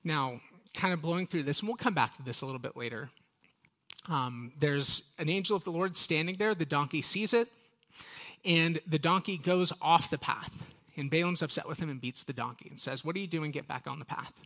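A man's voice: on the high side, normal speed, a bit bright. A man teaching a casual Bible study, talking straight to his listeners in a chatty, conversational way.

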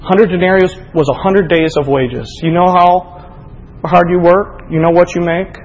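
A man preaching a sermon. He swings between loud, emphatic reading and soft, close appeals, and asks his listeners many direct questions. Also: high-pitched, steady tone, normal speed, long reverb tail, lo-fi sound.

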